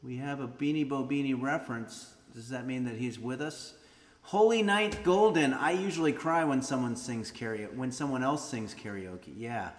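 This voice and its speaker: A man's voice: medium pitch, moderate pace. Joking man with a roomy echo. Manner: joking, reads viewer comments aloud. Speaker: streamer host. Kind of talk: casual livestream chat between songs. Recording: roomy echo with long reverb and loud guitar. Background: guitar music.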